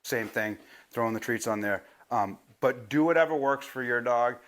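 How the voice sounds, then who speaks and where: A man teaching a puppy commands on video, talking straight to viewers in a casual, chatty way. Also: a bit bright. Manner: talks to the viewer and praises the puppy in a high, drawn-out voice. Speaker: dog trainer. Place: training a puppy, moving around.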